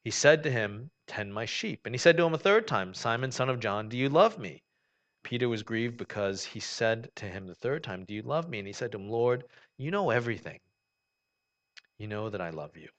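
A male pastor giving a conversational sermon, dropping soft and low at times, then lifting to emphatic stress. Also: sing-song, moderate pace, lo-fi sound. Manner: conversational preaching, swings from quiet to emphatic.

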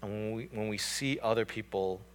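A man's voice: lowish voice, normal speed. A man preaching a sermon in a conversational, emphatic way, often restarting his sentences. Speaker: pastor.

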